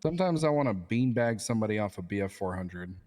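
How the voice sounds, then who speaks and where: Man, lowish voice, joking interviewer, casual roleplay chat. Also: expressive, fast, darkish tone.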